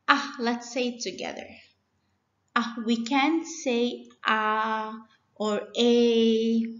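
A woman teacher giving a children's phonics lesson, slowly and patiently spelling words out letter by letter. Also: fairly high pitch, a bit bright. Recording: dull, lo-fi and echoey.

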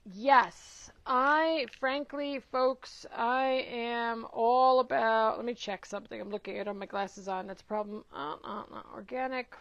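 A woman's voice: high-pitched, a bit bright, no echo. A middle-aged woman hosting a casual live-stream Q&A as a nutrition educator, encouraging her viewers and greeting them by name, with some hesitant fillers. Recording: dull lo-fi dry sound.

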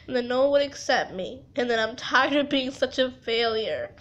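A young woman crying as she talks in a confessional vlog, halting and rambling, stumbling over her words. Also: on the high side, a bit bright, highs cut off. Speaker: vlogger.

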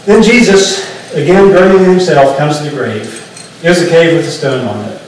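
A man's voice: a little high, moderate pace, a little hiss or hum. A male pastor preaching a sermon in a conversational, explanatory way, often restarting phrases. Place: church sanctuary. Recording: echoey church from far off.

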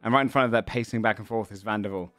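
A man running a tabletop game as game master, describing scenes in a halting way with many fillers. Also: lowish voice, fairly even intonation, fairly bright tone, no room sound.

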